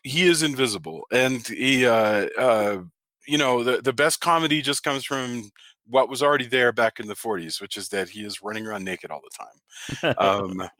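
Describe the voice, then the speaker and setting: A man's voice: mid-range voice, normal speed, bright, forceful tone, dry recording. A man co-hosting a podcast, chatting casually about a film and often restarting his sentences. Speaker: podcast co-host. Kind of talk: casual film review chat.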